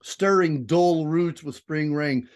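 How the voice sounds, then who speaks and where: A man teaching a literature class in an animated, digressive way, swinging between loud emphasis and quiet asides. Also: on the high side, takes it slowly. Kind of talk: classroom lecture.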